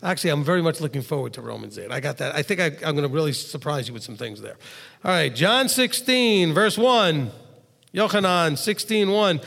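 Passionate rabbi preaching in an echoing hall. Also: male voice, on the high side, animated, fairly quick, vocal fry. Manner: passionate, gets loud to stress points, quotes scripture. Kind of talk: sermon.

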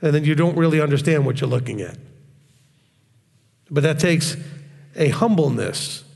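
A man's voice: fairly high pitch, lively intonation, normal speed, vocal fry, a little mellow, in a large hall. A man preaching in a blunt, straightforward way on a live stream, often mocking other voices. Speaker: religious teacher.

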